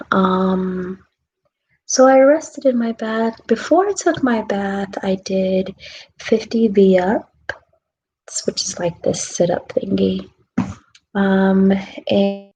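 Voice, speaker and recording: A woman vlogger in a relaxed self-care chat, talking softly and drawing out her words, often dropping into a whisper. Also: mid-range voice, slightly rough, poor audio. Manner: slow, drawn-out, soft, drifting into whispers.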